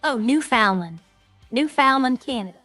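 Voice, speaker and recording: A woman's voice: high voice, animated, moderate pace, pushed and bright, no echo, faint music behind. Chatty woman streamer, dry mic. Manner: rambling, chatty, self-deprecating. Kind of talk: casual chat to stream viewers.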